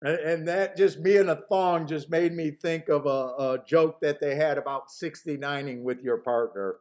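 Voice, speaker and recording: Male live-stream host, high voice, loose and profane, laughs constantly. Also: fairly even intonation, normal speed, a little mellow. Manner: laughs often, rambling and profane. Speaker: horse racing handicapping show host. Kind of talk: casual live-stream chat.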